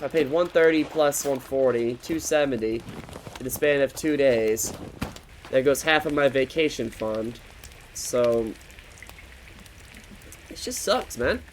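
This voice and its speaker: A man's voice: medium pitch, a little hiss or hum. A young man in his twenties telling a frustrated, swearing story in a loose, casual rant while he plays a game. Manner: frustrated, swears often, talks loosely with restarts.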